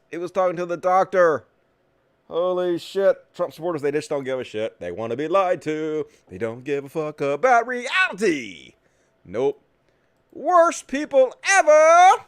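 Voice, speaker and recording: A man's voice: sits high, clean tone, no echo, clean studio sound. A man hosting a political talk show, ranting with sarcasm and lots of swearing. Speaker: host.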